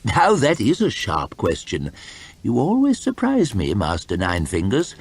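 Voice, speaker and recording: A man's voice: fairly low pitch, wildly swooping pitch, measured pace, breathy edge, full character voice. A man voicing an old male wizard who speaks in a wry, teasing way. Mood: amused. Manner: chuckling, teasing.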